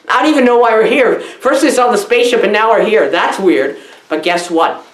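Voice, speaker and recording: A woman giving a rambling comic film review, loud and scattered, jumping between silly asides and squealed quotes. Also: on the high side, a little fast, reverberant. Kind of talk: rambling deadpan comedy review.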